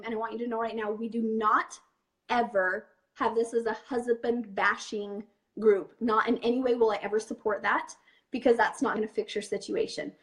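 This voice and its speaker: A young woman hosting a webinar, talking candidly and directly to an audience of women in casual chat. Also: fairly high pitch. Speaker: webinar host and coach.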